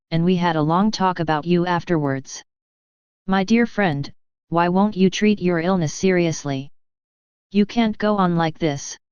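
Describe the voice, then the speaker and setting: A woman's voice: fairly low pitch, a little mellow, clean tone, no echo, lightly acted. Hearty elderly postmaster, affectionate, coaxing, storybook, woman reading, dry dull lo-fi sound. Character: cheerful fussy elderly male postmaster.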